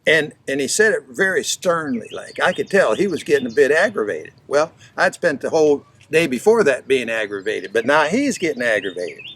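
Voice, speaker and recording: A man teaching fishing through a folksy, animated story from his own experience. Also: mid-range voice, moderate pace, hardly any pauses, husky. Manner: folksy, animated anecdote-telling. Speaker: fishing instructor. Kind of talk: storytelling lesson.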